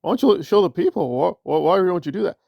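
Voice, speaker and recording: A woman's voice: on the low side, lively intonation, fast, vocal fry, no echo, lo-fi sound. A man voicing a whiny, upset woman who complains online, as a mocking impression. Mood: demanding.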